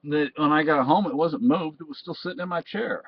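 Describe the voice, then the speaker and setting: Speaking briskly in a fairly high, husky voice, a man from Texas wanders through a personal monologue that keeps restarting and circling back on phrases. It's captured in a dull, dry lo-fi recording.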